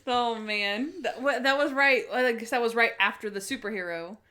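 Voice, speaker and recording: A woman's voice: on the high side, normal speed, bright, forceful tone. A woman co-hosting a podcast, chatting casually about a TV episode, laughing often and acting out quoted lines. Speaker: podcast co-host. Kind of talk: casual chat recapping a TV episode.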